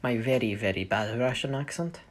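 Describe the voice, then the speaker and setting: Very low-voiced woman rambling through a story. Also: normal speed. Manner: rambling, self-correcting, thinking aloud. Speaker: fanfiction storyteller. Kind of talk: casual story explanation.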